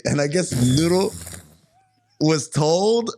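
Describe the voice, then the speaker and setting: A man co-hosting a podcast, telling a story in casual chat and acting out the quotes. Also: unhurried. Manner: animated storyteller, acts out quotes with jumps in pitch. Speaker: podcast co-host.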